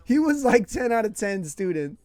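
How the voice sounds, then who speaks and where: A man from California, an English teacher, chats through his stories in a light, somewhat high voice. He talks in slang and laughs as he goes. The telling is loose and animated. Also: moderate pace, no echo. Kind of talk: casual storytelling.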